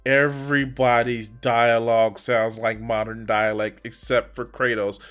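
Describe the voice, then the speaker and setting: Man, reaction host, exasperated, profane, stammering, slow delivery, faint music under him. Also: medium pitch, level tone, a bit bright. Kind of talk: reaction commentary.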